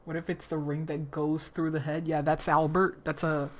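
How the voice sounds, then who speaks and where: A woman's voice: low-pitched, little pitch movement, moderate pace. A woman streamer chatting casually and crudely, swearing and joking as she reacts to a story. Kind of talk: casual live-stream chat.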